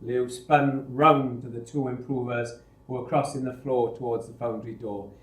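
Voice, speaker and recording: A man reading a novel adaptation aloud in a measured, unhurried way, recorded in a roomy space. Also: mid-range voice, fairly even intonation. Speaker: storyteller. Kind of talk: audiobook reading. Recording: roomy echo.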